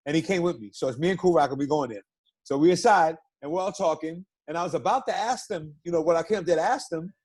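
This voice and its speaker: A middle-aged man from Brooklyn, a guest telling stories in a casual interview, animated and profane, acting out what people said. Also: sits high. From Brooklyn, New York. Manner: animated, profane storyteller who acts out quotes.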